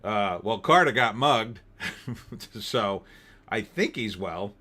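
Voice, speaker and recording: A man with a fairly low voice hosts a relaxed livestream. He chats loosely about his week and reads viewer comments aloud as he goes. He sounds middle-aged and is from New Jersey. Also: takes it slowly. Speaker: livestream host. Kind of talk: casual livestream chat reading comments.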